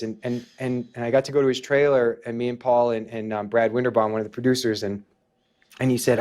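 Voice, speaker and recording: A man's voice: mid-range voice, fairly even intonation, brisk, darkish tone. A man guesting on a podcast, telling stories in an enthusiastic, rambling way with frequent restarts and casual swearing. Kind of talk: casual storytelling interview.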